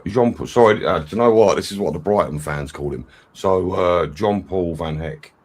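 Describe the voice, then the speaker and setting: A man appearing as a guest on a football fan livestream, talking in an animated, fired-up ranting manner. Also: sits low, moderate pace. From England. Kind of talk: casual chat.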